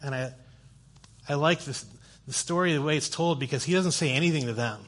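Guest preacher, male, fairly high voice, relaxed storyteller with a sense of humor. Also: fairly quick. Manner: conversational, animated storytelling with self-deprecating humor. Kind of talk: sermon. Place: church sanctuary.

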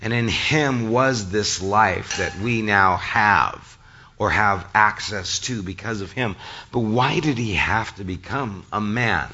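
A male pastor preaching a sermon, his voice a little hoarse from a cold, speaking conversationally to the congregation. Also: on the low side, takes it slowly, pushed and bright, dull audio, a little hiss or hum. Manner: conversational, addresses the congregation directly.

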